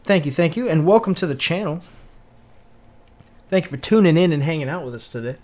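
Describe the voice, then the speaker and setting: A Tennessee man with a Southern accent chats casually with livestream viewers while he works, greeting people, muttering, and humming to himself in a laid-back way. His voice is a little high and a little mellow, expressive and brisk.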